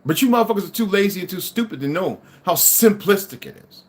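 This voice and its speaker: A middle-aged man talks straight at his audience in a long, furious monologue. He is heavy on profanity and insults. His voice sits a bit high and moves through a wide, lively pitch range. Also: fast talker. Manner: angry, insulting, swearing heavily. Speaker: livestream host.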